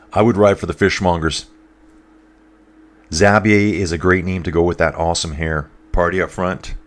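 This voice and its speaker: A man's voice: sits low, fairly even intonation, normal speed. A man with a stuffed-up voice giving casual live commentary on a bike race and reading out viewer comments. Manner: chatty, reads out viewer comments.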